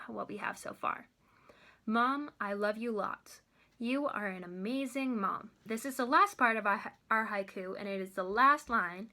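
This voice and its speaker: A young woman, a college student, giving a friendly lesson to children from home, sounding out words slowly and carefully. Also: mid-range voice, bright, forceful tone. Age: young adult. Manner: slow, careful sounding out of syllables. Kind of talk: kids' lesson video.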